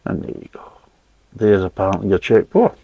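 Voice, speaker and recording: A man's voice: sits low, very animated, moderate pace, creaky, warm tone, no room sound, rough recording. A man reviewing a beer in a casual, rambling way, blunt and full of swearing.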